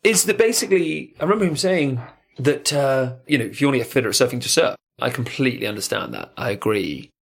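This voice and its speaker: A man's voice: mid-range voice, big pitch swings, fast, gravelly, husky. A man hosting a podcast in casual chat, talking in an emphatic, motivational way.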